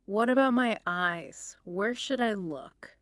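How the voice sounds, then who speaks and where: A woman's voice: mid-range voice, animated, slow, fairly bright tone, no room sound, clean studio sound. A woman co-hosting a learning podcast, asking questions and repeating key points back in a scripted teaching dialogue. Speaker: podcast co-host.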